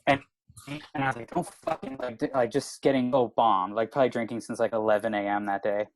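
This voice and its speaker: In poor audio with a little hiss or hum, a lowish-voiced man from Canada talks at a quick pace. He's a comedian guest in his thirties, animatedly telling a rowdy podcast story, cursing and filling it with "like."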